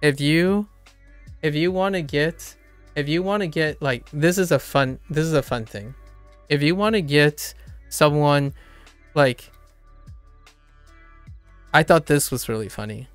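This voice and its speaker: A man's voice: on the high side, measured pace, pauses often, clean tone, no echo, faint music behind. A man streaming a casual lesson on Japanese sounds, rambling, correcting himself and laughing often. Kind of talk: casual live-stream explanation.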